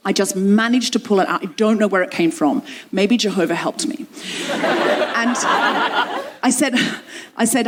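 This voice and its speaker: Woman host telling a funny story live, acts out the dialogue, mid pitch. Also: moderate pace, pauses often, slight background noise. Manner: lively, quoting dialogue with her own voice. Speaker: comedy podcast host. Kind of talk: comedic personal storytelling on stage.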